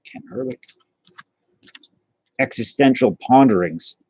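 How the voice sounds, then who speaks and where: A man's voice: mid-range voice, expressive, takes it slowly, a little mellow, husky, no echo. A man hosting a casual livestream, chatting and answering his viewers as he goes. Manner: chatty, answers chat messages aloud, stumbles and restarts. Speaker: livestream host opening trading cards.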